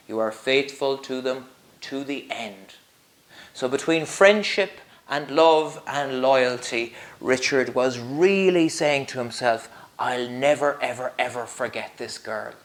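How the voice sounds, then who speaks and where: A man's voice: medium pitch, takes it slowly. A man, a teacher telling a story to children in a playful way and asking them questions. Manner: animated, playful, asks the listeners questions. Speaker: primary school teacher, storyteller.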